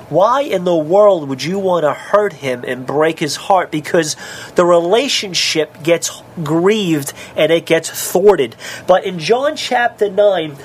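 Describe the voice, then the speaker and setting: A man's voice: high-pitched, slight background noise. A middle-aged man, a minister, preaching in an earnest, conversational way and telling stories as he speaks to the host. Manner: earnest and storytelling, addresses the host by name. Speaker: minister and guest.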